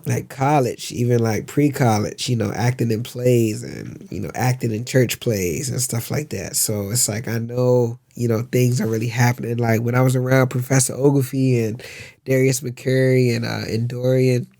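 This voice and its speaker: A man's voice: mid-range voice, fairly even intonation, normal speed, gravelly, dark tone. A man in his thirties, an actor being interviewed, chatting casually in easygoing slang and acting out lines in changing voices. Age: 30s. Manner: easygoing, laid-back slang; acts out lines in varied voices. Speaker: actor guest.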